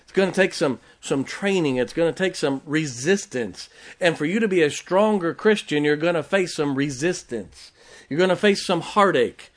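A man's voice: on the high side, expressive, moderate pace. A man preaching a sermon as pastor, emphatic, with rhetorical questions, joking asides and check-ins with the congregation.

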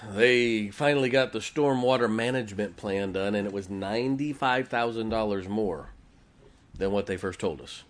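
A man's voice: fairly low pitch, moderate pace. A man, a pastor, preaching a sermon in a folksy storytelling way, acting out quoted conversations.

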